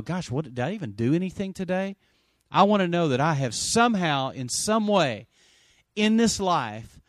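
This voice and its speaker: A middle-aged man preaching a sermon as pastor, conversational, swinging between loud emphasis and quiet asides and calling for amens. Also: on the high side, dry recording, clean studio sound. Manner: asks the congregation for amens.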